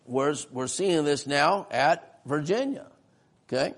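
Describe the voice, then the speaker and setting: A man's voice: on the high side, lively intonation, slow. A man preaching a sermon-style history lesson in a church, folksy and often asking the congregation questions.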